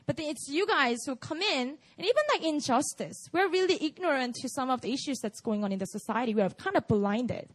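A woman's voice: high-pitched, animated, fairly quick, hardly any pauses. A woman with a Korean accent preaching at a prayer meeting in a candid, conversational way, full of "like" and "you know".

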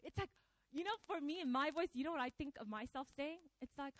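A woman preacher giving a conversational, animated sermon, often slipping into acted quotes. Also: sits high, a little fast, dry recording, low-quality recording.

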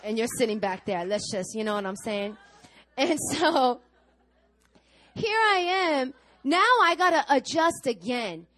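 Woman pastor, middle-aged, preaching, storytelling, acts out quoted voices, higher voice, lively pitch. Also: a little slow. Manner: animated storytelling to a congregation, acting out quoted voices. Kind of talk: sermon.

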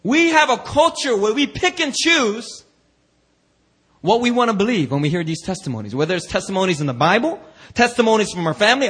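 Husky, animated preacher man, high and bright. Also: brisk. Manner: animated, acts out quoted voices, slangy asides. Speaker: pastor. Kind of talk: lively sermon. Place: church.

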